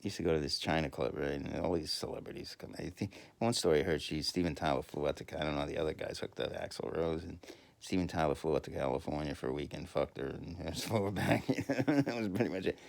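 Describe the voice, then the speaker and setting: A man's voice: very deep voice, fast talker, creaky. A man, rambling through a crude comic monologue full of swearing and laughter. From New York, USA. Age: 50s. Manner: profane, laughing, rambling storyteller.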